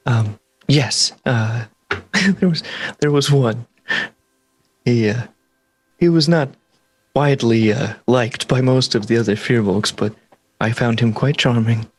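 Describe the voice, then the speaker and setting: Husky man with an earnest, curious tone. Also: medium pitch, takes it slowly, pauses often. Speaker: player voicing his character. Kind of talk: in-character tabletop role-play.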